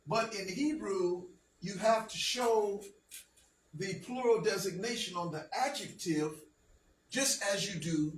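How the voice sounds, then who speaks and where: A man with a fairly high voice gives a slow, patient classroom lesson, often stopping to ask if everyone follows. He stands away from the mic in a roomy space with a faint hiss behind. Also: fairly bright tone. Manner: patient, checks understanding with frequent "okay?". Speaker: teacher. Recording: roomy, distant, faint background noise.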